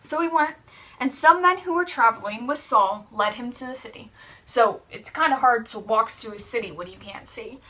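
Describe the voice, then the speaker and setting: A young woman teaching children's church, telling a Bible story in a lively, animated way with frequent restarts. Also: fairly high pitch, normal speed, far from the mic.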